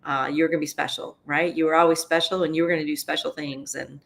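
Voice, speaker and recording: An earnest woman with a fairly low voice, recalling her years as a student's mentor. She talks emphatically and keeps checking in with "right?" while she chokes back tears. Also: fairly even intonation, fast, vocal fry. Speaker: former school advocate and mentor. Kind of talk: heartfelt conversational reminiscence.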